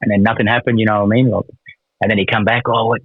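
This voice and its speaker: Fast-talking Australian man, phone line. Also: lowish voice, level tone, slightly rough, no room sound. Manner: rapid, rambling, heavy swearing and fillers. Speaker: guest, former prisoner. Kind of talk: casual storytelling.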